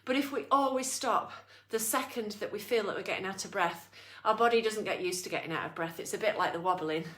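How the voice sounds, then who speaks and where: A woman with a medium-pitched, slightly bright voice leads an online exercise class, talking a little fast and sounding out of breath. She's upbeat and encouraging, counting down and cheering people on like a fitness instructor, and the recording is reverberant.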